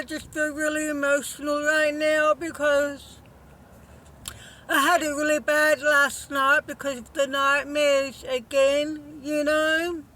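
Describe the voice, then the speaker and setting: A woman vlogger talking to her viewers in a heartfelt, emotional way, halting often with fillers. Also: sits high, little pitch movement, sharp tone, poor audio. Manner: heartfelt and earnest. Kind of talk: casual direct-to-camera vlog.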